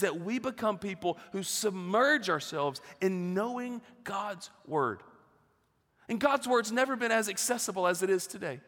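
A man's voice: high voice, lively intonation, moderate pace, a bit bright. A man, preaching an earnest sermon full of rhetorical questions and repetition. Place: church sanctuary. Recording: long hall reverb.

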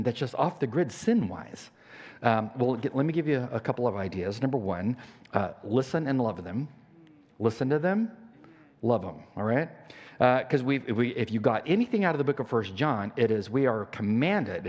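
A man's voice: mid-range voice, slightly rough. An older man preaching a sermon as pastor, telling a story in a conversational way with many fillers and restarts. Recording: church hall reverb.

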